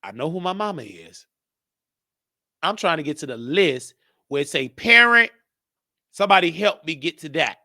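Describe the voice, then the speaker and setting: A man hosts his own live-stream show in a loose, rambling monologue, cracking jokes and thinking aloud. His voice sits somewhat high and swings widely up and down, and the sound is dry and close. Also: animated, moderate pace, long pauses, bright, forceful tone, no echo. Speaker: show host.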